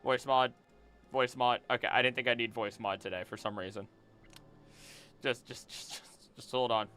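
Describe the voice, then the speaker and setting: A man's voice: mid-range voice, fairly even intonation, moderate pace, sharp tone, smooth, soft background music. A man streaming as he draws, chatting casually, muttering to himself and swearing now and then. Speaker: streamer and voice actor. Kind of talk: casual livestream chat while drawing.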